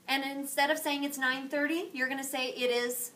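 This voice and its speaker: A woman Spanish teacher giving a playful, animated classroom lesson, quizzing her students. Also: high voice, normal speed. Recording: distant classroom camera with faint noise.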